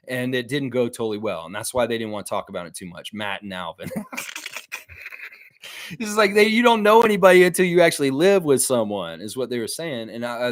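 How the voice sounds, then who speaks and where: Guy rambling on a live stream, middle pitch, reads chat out loud, laughs a lot.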